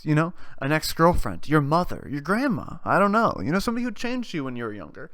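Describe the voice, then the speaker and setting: A young man hosting a podcast, rambling through a comedic monologue, swinging between loud rants and quiet mumbles. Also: a little high, big pitch swings, fairly quick, few pauses, no room sound. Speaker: podcast host.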